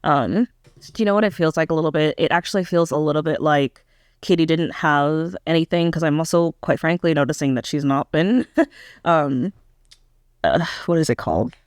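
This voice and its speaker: Her voice sits low as this young woman talks at a moderate pace, reviewing a pop album in a candid, offhand way. She stumbles through her thoughts with "um" and "like," doubting her own critique, captured in a studio-quality, echo-free recording.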